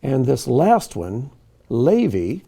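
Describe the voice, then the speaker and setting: Slow, patient man teaching Hebrew reading. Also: fairly low pitch, lively intonation, mellow. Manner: patient, explanatory, pauses on each word. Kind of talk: reading lesson, slow careful pronunciation.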